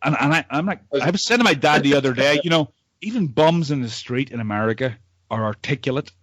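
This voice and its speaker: A man's voice: medium pitch, quick pace, fairly bright tone, no echo. A Northern Irish man hosting a podcast over a video call, chatting with old friends in a rambling way, repeating words and swearing freely. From Northern Ireland. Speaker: podcast host. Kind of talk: casual chat among old friends.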